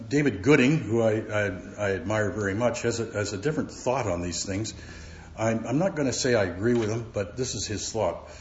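Halting man teaching Bible verses. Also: on the low side. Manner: halting, with many fillers and repeated words. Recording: roomy, dull recording.

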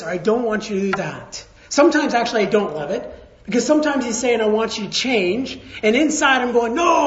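A man pastor giving a sermon, telling stories in a conversational way, dropping to hushed tones and then rising again. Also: extremely high pitch. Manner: storytelling, conversational, swings from hushed to raised. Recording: roomy, slightly dull sound.

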